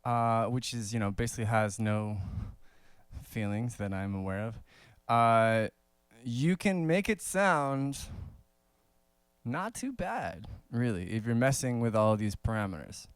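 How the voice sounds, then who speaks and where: A man giving a casual saxophone lesson, talking in a relaxed, conversational way with many fillers and small laughs. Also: medium pitch, unhurried, clean tone, dry recording. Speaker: saxophone teacher.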